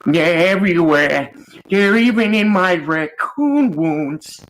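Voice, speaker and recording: A man doing an old video of quick-fire cartoon voice impressions, jumping between exaggerated characters. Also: sits high, animated, a bit bright, a little hiss or hum, pitched above the performer's own voice, heavily acted, rough recording. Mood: zany impressions.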